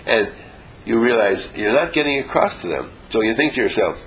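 A little hiss or hum marks this rough recording of a man giving a motivational talk to a small group. His medium-pitched, slightly bright voice has lively intonation at normal speed, and he is emphatic and repetitive, often chuckling and acting out quoted voices as an inspirational speaker.

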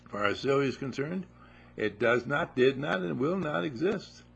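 A man's voice: mid-range voice, lively intonation, normal speed, creaky, fairly bright tone, breathy edge, dull audio. A man giving a spoken teaching talk, telling playful stories and repeating his phrases for effect. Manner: playful, repetitive storytelling.

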